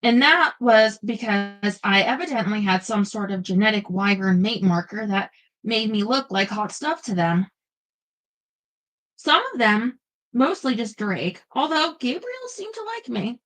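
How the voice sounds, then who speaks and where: A woman's voice: mid-range voice, expressive, unhurried, a bit bright, low-quality recording. A woman reading a first-person paranormal romance aloud with playful expression, stopping now and then for chatty asides. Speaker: audiobook narrator.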